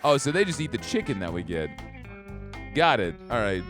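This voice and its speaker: A man giving excitable, joking let's-play commentary as a gaming streamer, reading the game text aloud. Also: medium pitch, normal speed. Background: game music.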